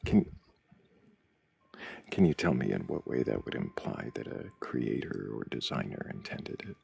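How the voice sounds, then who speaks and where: A man's voice: big pitch swings, a little slow, darkish tone, no echo. A man hosting a live debate stream, bluntly pressing a caller with questions and interrupting him. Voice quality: very deep and gravelly. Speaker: livestream host.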